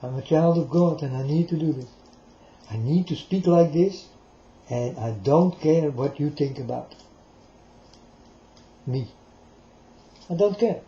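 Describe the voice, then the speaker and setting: A man's voice: on the high side, a little slow, pauses often, warm tone, a little hiss or hum. A man delivering a rambling, preachy monologue straight to his listeners, repeating himself as he goes. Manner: preachy, repetitive, addresses listeners directly. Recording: roomy, dull lo-fi recording.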